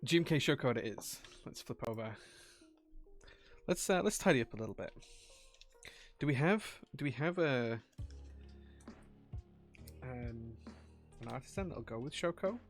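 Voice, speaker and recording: Man, casual stream chat, gravelly voice, thinks aloud, faint music behind. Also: medium pitch, unhurried, long pauses. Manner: relaxed, thinks aloud, reads and answers chat. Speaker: keyboard-building streamer. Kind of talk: casual live-stream chat while building.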